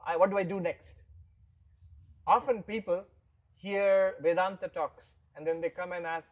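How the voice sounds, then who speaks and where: A man speaking as a monk, in a fairly high and husky voice. He gives a spiritual lecture in an animated way and acts out the people he quotes. He repeats his points patiently as he explains them. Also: poor audio. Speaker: monk teaching philosophy.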